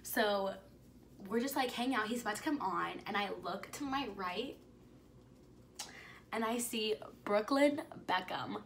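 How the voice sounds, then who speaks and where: Young woman, vlogger, casual storytelling, gushing, bright tone, middle pitch. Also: measured pace, pauses often, a little hiss or hum. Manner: excited, gushing, many "like"s, dropping to whispers.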